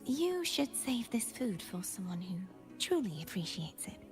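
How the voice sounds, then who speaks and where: A woman voicing a calm, solemn young companion character in a game, speaking softly and gently. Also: mid-range voice, measured pace, faint music behind. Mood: gentle. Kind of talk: game dialogue.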